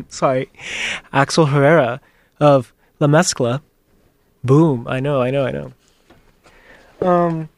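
A man's voice: fairly high pitch, vocal fry, no room sound. Breathless young man hosting college radio. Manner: chatty, rambling, laughs often. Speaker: fill-in college radio host. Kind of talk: casual radio chat. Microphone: studio microphone with headphones.

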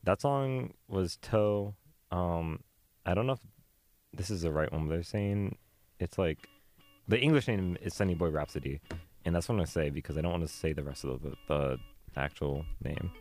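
A young man in casual chat, co-hosting and picking songs, playful and animated. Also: low voice, moderate pace, soft background music. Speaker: co-host playing music.

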